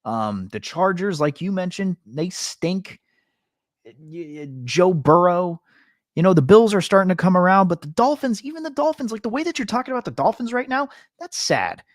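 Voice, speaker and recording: A man's voice: sits high, big pitch swings, normal speed, no room sound, clean studio sound. A man co-hosting a sports podcast, ranting in casual chat with lots of fillers. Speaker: podcast co-host.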